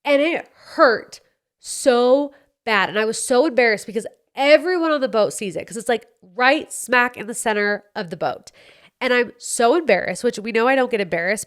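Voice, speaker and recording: A young woman from the United States, hosting a podcast and telling a story in an animated, chatty way, acting out what people said. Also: a little high. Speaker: podcast host. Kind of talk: casual storytelling chat.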